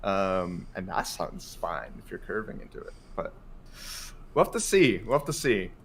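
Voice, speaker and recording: A man's voice: low voice, very animated, normal speed, a little hiss or hum. A man co-hosting a casual gaming podcast, easygoing and hedging his points with frequent ums. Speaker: podcast co-host.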